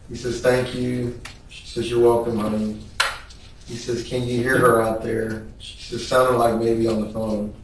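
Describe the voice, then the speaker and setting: A man testifying in court, reading text messages aloud in a measured, flat way. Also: medium pitch, noisy background. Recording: echoey room, voice picked up from a distance.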